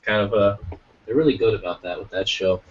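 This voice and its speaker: A man's voice: on the low side, fairly quick. A man hosting a podcast in casual chat, rambling along and swearing now and then. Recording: lo-fi, distant from the mic.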